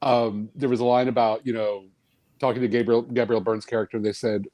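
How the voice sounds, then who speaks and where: A man joins a casual chat show and makes wry jokes. His voice sits at a middle pitch. The sound is close and dry, with no room echo. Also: steady tone, fairly quick, dark tone. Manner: wry, joking. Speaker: co-host.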